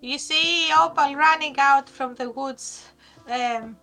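A woman's voice: high voice, takes it slowly, bright, forceful tone, soft background music. A woman player describing her character's actions, hesitant with fillers.

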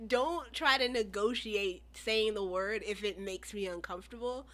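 Wanita bicara blak-blakan dan tegas. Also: female voice, mid-range voice, moderate pace, fairly bright tone. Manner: blunt, emphatic, swears freely. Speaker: podcast co-host. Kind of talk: casual chat.

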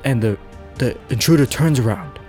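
A man's voice: mid-range voice, moderate pace, mellow, soft background music. A man hosting a podcast, making up a silly story, rambling and laughing at himself. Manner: rambling, giggly, self-interrupting. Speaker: podcast host. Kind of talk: improvised comic storytelling.

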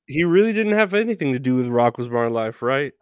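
A man chatting as a guest on a podcast, relaxed and rambling, often breaking into laughter. His voice sits in a middle pitch. The recording is close and dry. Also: fast talker, smooth, no echo. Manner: laid-back, rambling, laughs a lot. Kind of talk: casual podcast chat.

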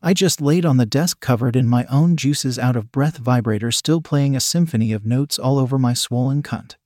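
Mellow-voiced man reading a story. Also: medium pitch, moderate pace, dry recording, clean studio sound. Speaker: narrator. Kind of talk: first-person erotic story reading.

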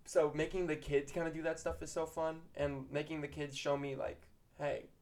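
A man teacher co-hosting a podcast in casual chat, telling lively classroom stories and acting out scenes. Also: a little high, fairly quick. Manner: animated storyteller who acts out classroom scenes.

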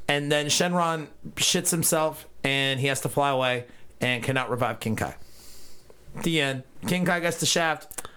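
A man's voice: on the high side, pushed and bright, clean tone. Crude joking man recapping an episode. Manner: crude, jokey, acts out characters in quick asides. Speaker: podcast co-host. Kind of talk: casual episode recap chat.

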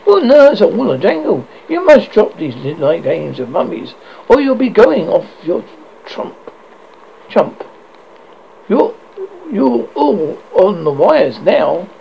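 A man voicing a brisk, no-nonsense young male student in a horror story reading, blunt in manner. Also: sits high, big pitch swings, creaky, lo-fi sound, slight background noise, heavily acted.

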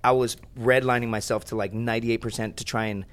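Speaking fast in a mid-range voice, a young podcast guest tells a story through loose, rambling, foul-mouthed chat peppered with animated tangents.

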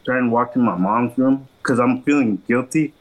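A man's voice: medium pitch, normal speed, low-quality recording. A young man casually telling a long story on a podcast, swearing a lot and acting out what everyone said. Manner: laid-back slangy storyteller, quotes people in voices.

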